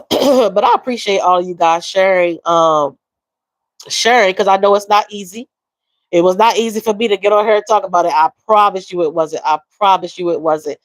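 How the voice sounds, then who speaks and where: Woman livestream host, warm and emotional, addresses chat directly, dry close recording, mid voice. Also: mid-range voice, normal speed, no room sound, rough recording. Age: adult with a young daughter. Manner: emotional, soft-spoken, repeats phrases, addresses viewers as y'all and baby. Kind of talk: casual livestream chat reading comments.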